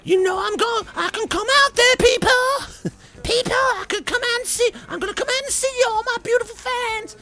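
A man mimicking an older male glam-rock frontman in a high, strained falsetto, shouting and singing to a crowd. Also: normal speed, few pauses, soft background music, full character voice. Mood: rousing. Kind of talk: mocking impression.

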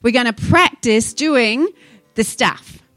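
A woman's voice: a little high, slow, a bit bright, no room sound. A woman preaching a sermon, fervent and exhorting, rising into urgent appeals to her congregation.

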